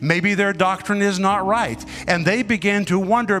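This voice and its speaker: Emphatic preacher man, higher voice. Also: soft background music. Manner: emphatic, dramatic pauses, swings loud and soft. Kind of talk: sermon.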